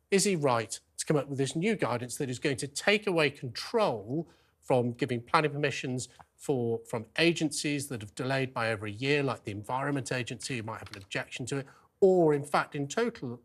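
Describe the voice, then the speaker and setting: A man's voice: medium pitch, a bit bright. A middle-aged man with a Lancashire accent, hosting a TV debate show with playful, theatrical outrage. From Lancashire, England. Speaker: host.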